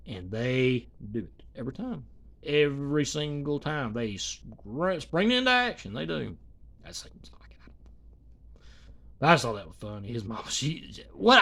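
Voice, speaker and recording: High, lively, bright-voiced man rambling. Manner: rambling, swearing, lots of fillers. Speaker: commentator. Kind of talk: casual reaction commentary.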